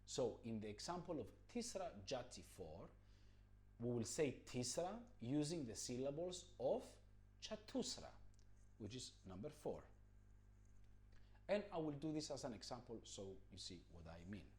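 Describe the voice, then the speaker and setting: A man's voice: mid-range voice, sing-song, normal speed, darkish tone. A man teaching a rhythm lesson, explaining patiently and chanting counting syllables. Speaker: music teacher.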